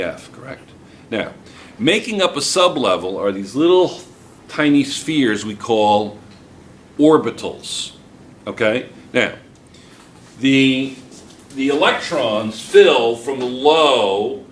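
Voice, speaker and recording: An older man leads a chemistry lesson in a classroom, mixing jokes and teasing into his explanations. His voice sits at an ordinary pitch, with a faint hiss behind it. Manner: joking, teasing students while explaining. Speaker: chemistry teacher. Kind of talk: classroom lecture.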